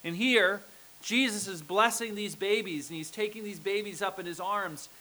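In poor audio, a man preaches at a moderate pace with a high, bright, forceful voice. As a pastor, he keeps the sermon conversational, regularly checking with the congregation by saying "okay?" and "right?".

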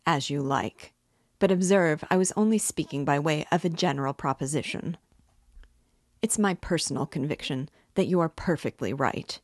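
A woman reading aloud as an obsessive, menacing male nobleman, slow and quietly intense. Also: low voice, dry recording, clean studio sound. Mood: smooth, calculating. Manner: slow, quietly intense pleading turning coldly mocking. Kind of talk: audiobook reading.

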